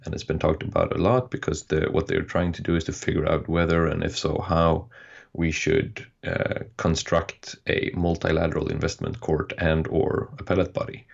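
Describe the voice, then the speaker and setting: A man co-hosting a podcast in casual chat, explaining things in halting, restarting phrases. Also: extremely low pitch, monotone, gravelly, slightly rough. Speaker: podcast co-host. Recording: dull lo-fi podcast audio.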